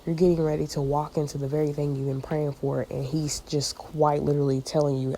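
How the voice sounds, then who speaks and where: Low, mellow-voiced woman, rambling spiritual talk. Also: little pitch movement, fairly quick, few pauses, a little hiss or hum, low-quality recording. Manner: rambling, searching for words, many fillers; addresses listeners as y'all. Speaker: channel host giving a prophetic word. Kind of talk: casual spiritual vlog talk.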